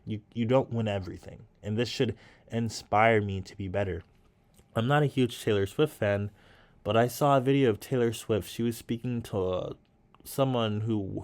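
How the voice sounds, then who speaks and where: A man with a somewhat low voice talks through his thoughts while painting. His tone is casual and reflective, and he keeps encouraging himself as he goes. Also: a little mellow. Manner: thoughtful, self-encouraging musing. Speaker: artist and vlogger.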